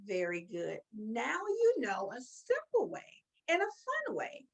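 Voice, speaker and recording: A woman's voice: a little high, wildly swooping pitch, creaky, slightly rough, rough recording. A woman teaching a children's phonics lesson, encouraging and drawing out words as she claps along. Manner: slow, sing-song and encouraging, drawing out words.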